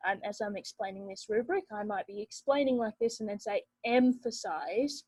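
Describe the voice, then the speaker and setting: A young woman teacher, explaining an assessment rubric to students in a steady, explanatory way with many fillers. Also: medium pitch, fast, breathy edge, no echo, poor audio. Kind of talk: recorded classroom lesson explaining a rubric.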